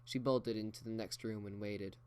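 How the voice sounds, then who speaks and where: A man reading a fan fiction story aloud in a slow, measured way. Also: on the low side, steady tone, darkish tone, clean tone. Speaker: reader.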